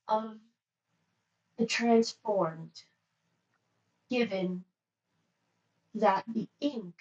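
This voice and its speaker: A woman voicing a monotone attendant who briefs a squad of agents in a tabletop role-play game, speaking in an even, flat manner. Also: mid-range voice, muffled recording. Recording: roomy, distant mic.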